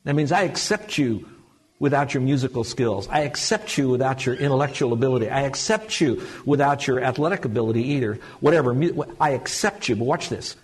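Husky-voiced man preaching a lively sermon. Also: fairly quick. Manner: animated preaching with sudden high exclamations. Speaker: pastor. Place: church sanctuary.

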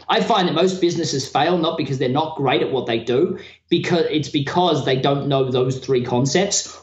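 Australian male guest coach, energetic and animated, echoey muffled remote audio. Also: mid-range voice. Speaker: podcast guest, business coach. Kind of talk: casual interview talk. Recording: echoey, dull remote line.

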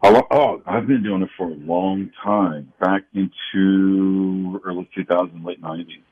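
Deep-voiced man over a tinny phone line. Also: measured pace, slightly rough. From Kansas City. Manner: easygoing, brief agreeing replies. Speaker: security consultant guest. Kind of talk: casual interview chat.

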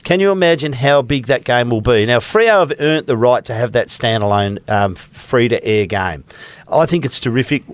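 A man's voice: medium pitch, normal speed, no room sound. A middle-aged Australian man co-hosting a sports podcast, telling stories with emphatic repetition and casual banter. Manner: storytelling, emphatic, repeats himself. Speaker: podcast co-host.

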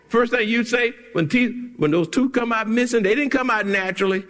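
Male pastor, high voice, big swings; emphatic preacher who shouts and chuckles. Church reverb. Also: expressive, normal speed, few pauses. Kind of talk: sermon. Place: church sanctuary.

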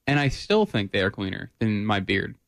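A man's voice: lowish voice, big pitch swings, normal speed, fairly bright tone. A man co-hosting a radio show in casual banter, with a dry, sarcastic, laid-back delivery. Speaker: radio co-host and teacher.

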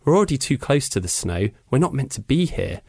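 A man's voice: mid-range voice, big pitch swings, fairly quick, vocal fry, darkish tone, slightly rough, voice pushed up, heavily acted. A man reading aloud, voicing a nervous small boy in a storybook who tries to keep the peace. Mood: worried.

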